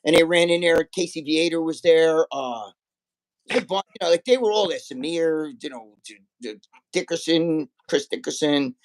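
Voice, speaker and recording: A man in his sixties, a guest, telling rough, animated stories in casual chat and swearing often. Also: a little high, moderate pace, low-quality recording. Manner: animated, profane storytelling.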